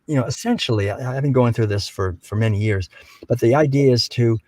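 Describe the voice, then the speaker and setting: An older man speaking as a guest in a reflective conversation, gentle and unhurried, telling stories with frequent restarts. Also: mid-range voice, dry recording, poor audio.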